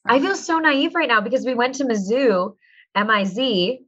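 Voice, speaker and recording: Bubbly high-voiced woman podcast host. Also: moderate pace, fairly bright tone. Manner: bubbly, playful, self-mocking. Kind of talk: casual chat. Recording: slightly dull lo-fi sound.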